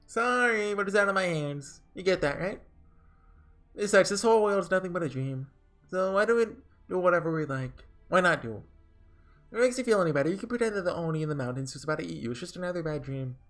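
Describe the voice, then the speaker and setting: A man's voice: high-pitched, lively intonation, fast, fairly bright tone, faint music behind, voice pushed up. A man reading aloud as a callous male oni rider from a game, breezy and mocking.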